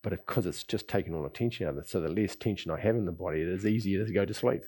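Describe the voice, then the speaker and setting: A man teaching a qigong class, talking in an easygoing, rambling way with sighs and soft chuckles. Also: low-pitched, racing, husky. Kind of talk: relaxed spoken class talk. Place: lives in Bali.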